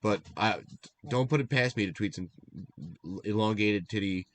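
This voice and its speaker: A young man co-hosting a casual stream recap, rambling and animated, laughing at himself as he goes. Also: fairly low pitch, normal speed. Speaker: draft league recap co-host.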